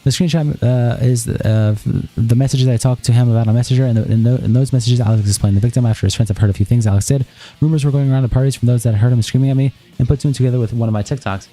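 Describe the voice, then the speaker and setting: A man on a live stream, reading a written statement aloud in a rapid, flat way, stumbling and restarting now and then. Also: medium pitch, soft background music.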